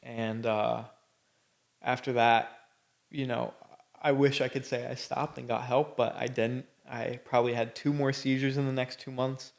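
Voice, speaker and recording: A man with a gravelly, creaky voice hosts a podcast and tells his own story. He talks bluntly and casually, drifting through fillers and swearing freely. His voice sits at an ordinary middle pitch. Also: little pitch movement, a little slow. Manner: candid and blunt, with frequent swearing; loose, rambling delivery full of fillers. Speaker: podcast host. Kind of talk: personal storytelling.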